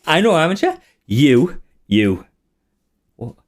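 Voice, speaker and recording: A man voicing a giddy young male apprentice wizard who cackles and squeaks with glee. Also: very animated, takes it slowly. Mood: smug.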